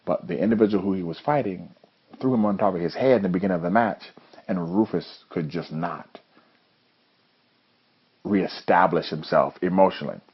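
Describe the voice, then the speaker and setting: Brief: very low, husky male coach telling stories earnestly in a motivational talk, dull lo-fi recording. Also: sing-song, normal speed, long pauses. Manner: earnest storytelling. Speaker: judo coach and host. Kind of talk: motivational monologue.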